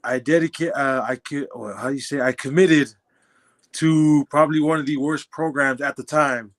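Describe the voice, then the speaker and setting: A man's voice: a little high, fairly even intonation, normal speed. A young man in his twenties, a podcast guest casually telling his life story, acting out dialogue and laughing often. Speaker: podcast guest, former football player.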